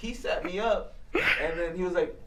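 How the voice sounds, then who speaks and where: A man excitedly retelling his side of a story in casual chat, full of slang and swearing. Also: high-pitched, normal speed, background noise.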